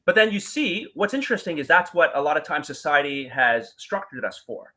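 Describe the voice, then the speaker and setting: A man telling his story as a guest in a casual talk, animated, acting out quoted voices and using many fillers. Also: fairly high pitch, brisk, poor audio.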